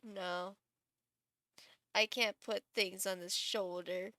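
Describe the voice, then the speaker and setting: A woman's voice: mid-range voice, fairly even intonation, slow pace, bright, forceful tone, no echo, clean studio sound. A woman streaming live, chatting casually and thinking aloud while she builds a game character, gushing and laughing.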